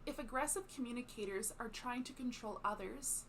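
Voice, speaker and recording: A woman presents a scripted psychology lesson in a calm, explanatory way. Her voice sits fairly high, with a faint hiss in the background. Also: fairly quick. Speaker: psychology educator. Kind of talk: scripted educational narration.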